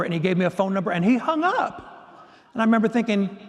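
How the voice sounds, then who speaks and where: A man with a notably high voice delivers a keynote story in a lively, self-mocking way. His words carry the long reverb of a large hall. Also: fast. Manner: animated, self-deprecating humor. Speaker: keynote speaker.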